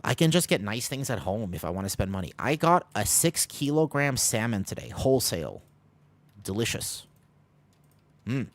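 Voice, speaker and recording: A man from the United States chats casually with viewers while streaming a game, rambling and making self-deprecating, jokey asides to chat. His medium-pitched voice is sing-song at a moderate pace, with no echo.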